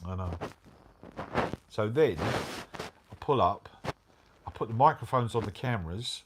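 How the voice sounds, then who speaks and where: A middle-aged man telling a motorbike travel story in casual chat, animated and full of slang. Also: on the low side, measured pace, background noise. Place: hotel room, indoors.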